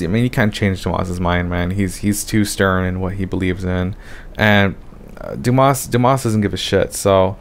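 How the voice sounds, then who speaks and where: A man with a slightly low voice is reviewing a webcomic chapter in a casual, rambling rant. He sounds exasperated and swears freely. He keeps ending his sentences with "man" and "dude.". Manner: exasperated, profane, ranting.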